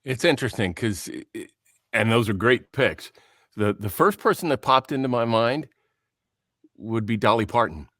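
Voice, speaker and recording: A man's voice: medium pitch, lively intonation, moderate pace, a bit bright, dry recording, clean studio sound. A man hosting a podcast, asking questions in an easygoing way and laughing along. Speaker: podcast host. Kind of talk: casual interview chat.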